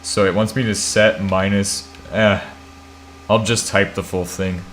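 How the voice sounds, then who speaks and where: Low-voiced, sleepy American man streaming. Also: level tone, a little slow, fairly bright tone, slight background noise. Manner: thinks aloud while typing, swears, self-mocking. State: half asleep. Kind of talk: casual live-stream chat.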